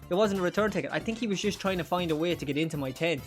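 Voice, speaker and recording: Young guy streaming a game, kinda high voice, crude jokes, faint music behind. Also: very fast. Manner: crude, joking, laughs often. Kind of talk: live gameplay commentary.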